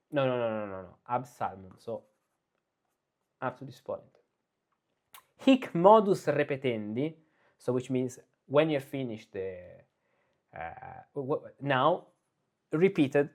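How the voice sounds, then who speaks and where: Slow-talking man teaching chant. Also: medium pitch, a little mellow. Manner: explains slowly, breaks into sung Latin chant phrases. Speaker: music teacher. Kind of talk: spoken lesson with sung chant examples. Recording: slightly dull, lo-fi recording.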